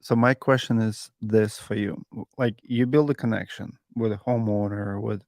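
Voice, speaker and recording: A man's voice: fairly low pitch, fairly even intonation, normal speed, darkish tone, no echo, clean studio sound. A man hosting a casual podcast, asking his guest questions with slightly non-native phrasing. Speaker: podcast host.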